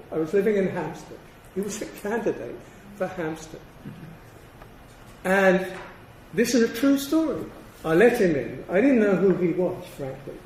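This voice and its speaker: High-voiced older man lecturing in an echoey hall. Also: darkish tone. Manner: measured and emphatic, with deliberate pauses. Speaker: professor giving a lecture. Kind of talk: academic lecture with slides. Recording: roomy, distant hall sound with faint noise.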